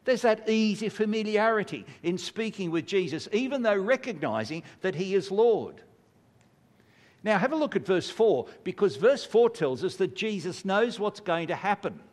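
An older man preaches in a high voice, earnest and emphatic. He slows down for heavy pauses. His voice rings through a long church-hall reverb. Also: lively intonation. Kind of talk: sermon.

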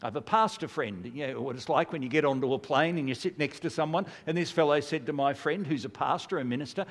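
A man's voice: on the high side, animated, moderate pace, a bit bright. An older man preaching a sermon, earnest and building to emphatic rhetorical questions. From Australia. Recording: long hall reverb.

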